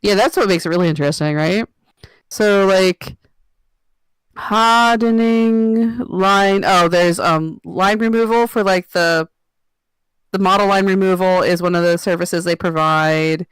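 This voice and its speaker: A woman's voice: mid-range voice, measured pace, clear, resonant tone, no room sound, low-quality recording. A woman co-hosting a casual unboxing chat, explaining and translating with frequent restarts. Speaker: co-host.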